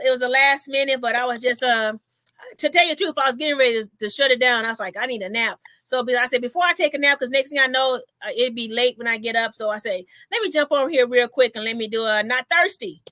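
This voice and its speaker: A woman's voice: high-pitched, dry recording, studio quality. A woman comedian hosting a casual livestream chat, straight-talking. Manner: straight-talking, loud bursts of laughter.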